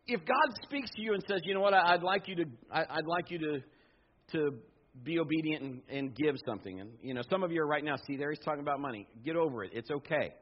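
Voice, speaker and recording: A middle-aged man pastor preaching a sermon, telling personal stories with animated asides and quoted voices. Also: on the high side, slightly rough. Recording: dull lo-fi sound.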